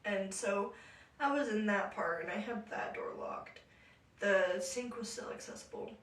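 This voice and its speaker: A young woman co-hosting a podcast tells a story casually and animatedly, laughing often and acting out what people said. Her voice is medium-pitched and unhurried. The mic is distant, leaving her off-mic in an echoey room.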